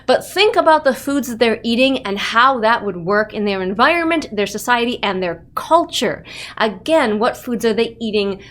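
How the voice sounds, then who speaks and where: A woman's voice: fairly high pitch, animated, moderate pace, a bit bright. A woman hosting a writing-tips channel, talking casually to camera with lots of "like" and rhetorical questions. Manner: chatty, filler "like", rhetorical questions. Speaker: writing tips channel host and developmental editor. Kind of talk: casual tutorial talk to camera.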